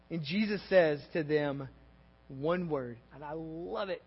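A man with a Texan accent preaching a sermon to a church congregation, talking in a conversational, animated way, with asides and quick questions to the room. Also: a little high. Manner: conversational and animated, with asides and audience check-ins. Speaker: pastor. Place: church sanctuary. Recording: dull audio with long hall reverb.

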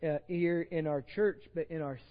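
Texan pastor preaching in an echoing church. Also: male voice, on the high side, fairly even intonation, moderate pace. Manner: conversational, repeats words and restarts, jokes with the congregation. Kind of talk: sermon. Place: church sanctuary with long reverb. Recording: dull lo-fi sermon recording in a reverberant church.

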